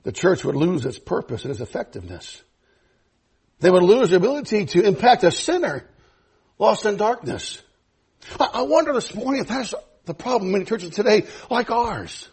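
Man, preacher, sermon, very high voice, husky, lively pitch, fervent then hushed. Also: normal speed. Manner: swings from loud fervent exhortation to hushed low pleading. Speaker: pastor.

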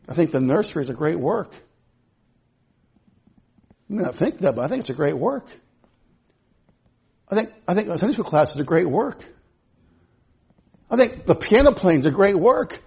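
A male pastor in a church delivers his sermon in a raised, husky voice that sits high for a man. He repeats words and stumbles when he gets excited, then suddenly drops into low, quiet asides before climbing back up. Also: normal speed, pauses often.

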